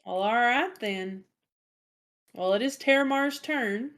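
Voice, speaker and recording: A woman's voice: fairly high pitch, slow, a bit bright. Woman running a tabletop game. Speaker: game master.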